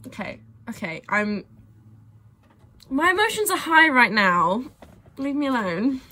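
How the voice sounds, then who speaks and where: Young woman, casual reaction vlogger: gushing, swears freely, bright forceful voice with big pitch swings. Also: expressive, normal speed, faint music behind. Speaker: reaction video creator.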